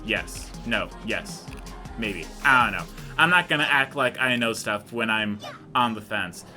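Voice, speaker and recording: A man's voice: lowish voice, expressive, a little slow, pushed and bright, faint music behind. A young man giving casual, rambling, self-deprecating commentary while playing a video game. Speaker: let's play host.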